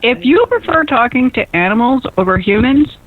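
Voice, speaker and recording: A woman hosting a radio show, chatty and excitable, quick to laugh. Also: fairly high pitch. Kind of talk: lively casual radio chat. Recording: phone-like narrow band radio sound.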